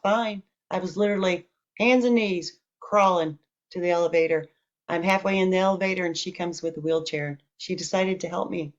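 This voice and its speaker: A woman with a lower voice tells her own story over a dull, lo-fi recording. She talks casually and frankly. She acts out the people in the story as she goes. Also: a little fast. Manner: candid, animated retelling with quoted dialogue. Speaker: podcast host telling her story. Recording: dull lo-fi audio.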